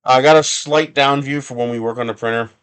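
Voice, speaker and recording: A man's voice: mid-range voice, steady tone, fairly quick, fairly bright tone, clean tone. A man hosting a casual live stream from his home workshop bench, rambling and chuckling with sarcastic asides. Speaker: livestream host.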